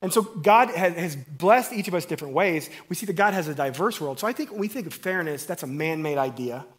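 A middle-aged man delivers a lively, conversational sermon. His voice sits a little high for a man. He punches key words loudly, then drops to near-whispered asides. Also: brisk. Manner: energetic and conversational, swinging from loud emphasis to quiet asides. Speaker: preacher.

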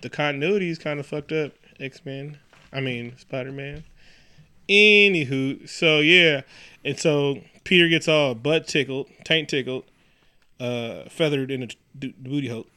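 A man from New York talks through a movie in loose, profane banter, often putting on mocking voices. His voice sits a touch high with a bright, forceful edge. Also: unhurried, clean tone. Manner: profane, animated riffing with mocking quoted voices. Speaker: podcast co-host. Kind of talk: casual movie recap chat.

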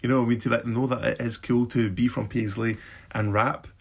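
A Scottish man talking in an animated, casual conversation. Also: medium pitch, a little fast, gravelly.

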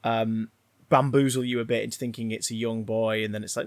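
A man's voice: fairly low pitch, level tone, fairly quick, no room sound. A man casually discussing a film, rambling and swearing with frequent restarts.

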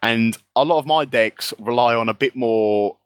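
A man co-hosting a casual gaming podcast, swearing freely and laughing through animated banter. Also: medium pitch, normal speed, clear, resonant tone, no room sound. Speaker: podcast co-host.

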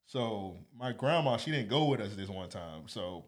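A man's voice: lowish voice, moderate pace. A man co-hosting a podcast, telling funny stories in casual chat and acting out the people he quotes. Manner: animated storyteller, acts out quotes. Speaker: podcast co-host.

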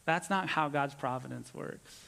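High-voiced man preaching in a reverberant hall. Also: unhurried, vocal fry. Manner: earnest preaching, drops low and soft for emphasis. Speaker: pastor. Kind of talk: sermon. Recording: long reverb of a church hall.

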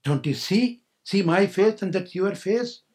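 An older spiritual teacher tells a parable at a slow, unhurried pace. His voice sits a little high for a man, and he laughs and slips into the voices of his characters as he talks. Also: lively intonation, darkish tone. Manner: playful, laughing, acts out voices in the story. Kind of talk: storytelling sermon.

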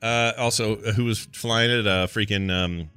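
A man's voice: lowish voice, fairly even intonation, a little slow, pushed and bright, smooth, no echo, soft background music. A man hosting a podcast in casual chat, wry and joking as he reads out news stories. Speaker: podcast host.

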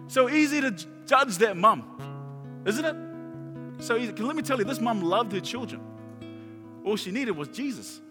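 A man's voice: very high-pitched, animated, measured pace, pauses often. A man preaching a sermon as a pastor, telling stories animatedly and repeating phrases for emphasis. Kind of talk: sermon with storytelling. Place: large church hall. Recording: reverberant church hall with live guitar. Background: soft guitar music.

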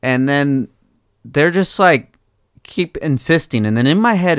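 A man swaps travel stories in loose, swearing chat and jumps into a higher, louder voice whenever he acts out an argument. His tone is smooth and resonant, and the recording is dry and close. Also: a little slow, no echo. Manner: animated, profane, acts out both sides of the story in raised voices. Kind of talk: casual storytelling chat.

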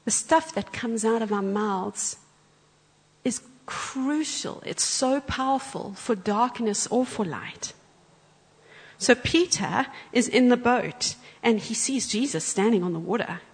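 Animated woman preaching in a church. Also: on the high side, a little slow, breathy edge. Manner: animated storyteller, acts out quotes. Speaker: guest preacher. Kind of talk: sermon with storytelling. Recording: church hall with long reverb.

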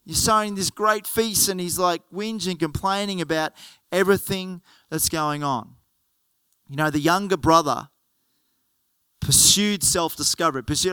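A man preaching a storytelling sermon and acting out each character. His voice sits high and sounds smooth and resonant. The recording is dry and close. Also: normal speed, a bit bright, dry recording. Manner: storytelling, earnest, acts out the characters.

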